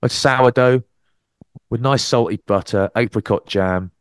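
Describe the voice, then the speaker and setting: The speaker, a podcast co-host and rugby commentator, chats casually and tells stories at a measured pace. He acts out quotes with big pitch jumps, and his clean tone comes through in a dry, studio-quality recording.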